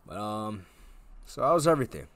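A man casually commenting on a story game as he plays, reading chat lines aloud and reacting with quick offhand remarks and the odd swear. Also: lowish voice, sing-song, background noise. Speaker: gamer playing through a story game. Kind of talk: casual let's-play commentary. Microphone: desk mic with face cam. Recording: loud game music behind the voice. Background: loud game music and keyboard typing.

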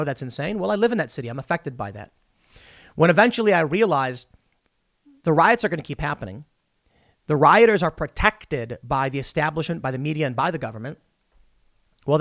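A man's voice: fairly high pitch, a bit bright, no room sound. Emphatic man with a dry close sound. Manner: emphatic, rambling, with frequent restarts. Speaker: political commentary host. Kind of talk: solo political commentary.

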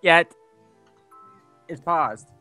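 A woman's voice: sits low, drawn-out words, bright, forceful tone. Giggly woman teasing her co-player. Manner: laughs often, teasing, voices the characters in a whiny tone. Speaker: co-host gamer. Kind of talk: casual gameplay commentary. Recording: faint game music behind.

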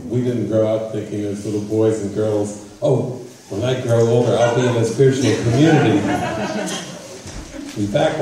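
Gentle man leading a group session, mellow tone, heard from across a reverberant room. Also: lowish voice. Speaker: spiritual retreat leader. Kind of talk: casual talk at a retreat. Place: retreat meeting room. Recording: echoey room, voice from far off.

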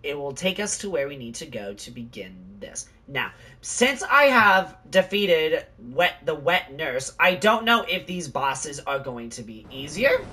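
A gaming channel host giving let's play commentary, excitable, exclaiming and swearing at the game. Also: medium pitch, recorded from a distance, slight background noise.

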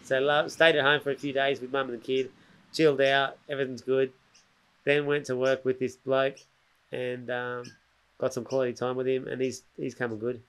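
A man's voice: mid-range voice, normal speed, clean tone. Rambling Australian man telling yarns. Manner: animated, acts out other people's lines; rambling, with restarts and slang. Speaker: podcast guest. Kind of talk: casual storytelling chat.

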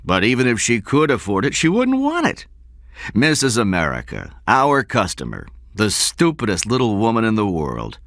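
A man's voice: fairly low pitch, huge pitch swings, moderate pace, a bit bright, no room sound, clean studio sound, voice pushed up, exaggerated voice. A man voicing a thin, pushy male sales chief who presses his case insistently in an audiobook reading. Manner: insistent, persuasive.

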